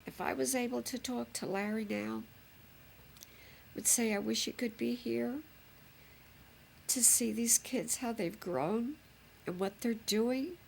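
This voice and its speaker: A woman's voice: fairly high pitch, unhurried, vocal fry, pauses often, slight background noise. An older woman, a grandmother reminiscing fondly in a chatty, rambling way. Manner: chatty, fond, rambling with fillers. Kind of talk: reminiscing home recording.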